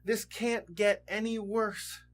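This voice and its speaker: A man's voice: high voice, steady tone, slow pace, soft background music, pitched above the performer's own voice. An overwhelmed man reels in disbelief, voiced by a man. He sounds dazed and searches for words. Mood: stunned. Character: stunned, overwhelmed wealthy man.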